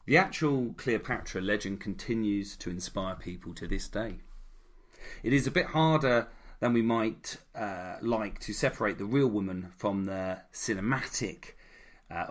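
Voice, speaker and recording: Low-voiced man telling history. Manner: irreverent, jokey asides. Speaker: podcast co-host. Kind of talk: casual history storytelling.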